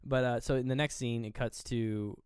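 A man's voice: mid-range voice, steady tone, moderate pace, a little mellow, smooth, dry recording, studio quality. A man co-hosting a casual movie review podcast, retelling scenes in a loose, rambling way full of fillers and acting out the characters' lines. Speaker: podcast co-host.

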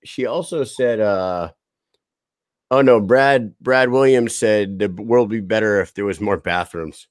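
A man's voice: on the low side, a little slow, no echo, clean studio sound. A man in his thirties hosting a podcast in loose, profane casual chat, laughing often. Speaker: podcast host.

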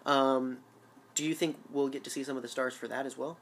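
A man's voice: mid-range voice, fairly even intonation, a little fast, slight background noise. A man co-hosting a casual fan chat, eager and rambling with lots of restarts. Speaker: show co-host.

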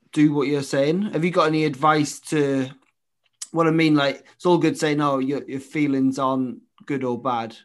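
A man asking questions in a hesitant way, leaning on lots of "like" fillers. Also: fairly high pitch. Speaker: interviewer. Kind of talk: casual conversation.

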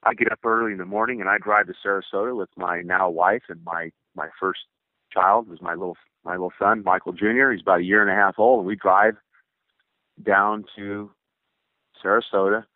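A man's voice: low-pitched, steady tone, brisk, dry recording. Older man telling a story over a tinny line. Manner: rambling, with restarts and acted quotes of others. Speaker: former baseball pitcher. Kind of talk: casual spoken storytelling. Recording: narrow phone-like dry sound.

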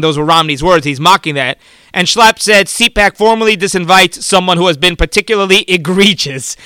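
A man's voice: sits high, pushed and bright, smooth, no room sound. A man hosting a political talk show, giving fervent, rambling commentary and often repeating and restarting his words.

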